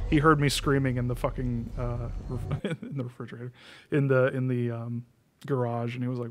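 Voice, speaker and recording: Young man, game streamer, casual rambling chat, swears, laughs a lot, mid pitch. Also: fairly even intonation, normal speed. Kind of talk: casual chat while playing.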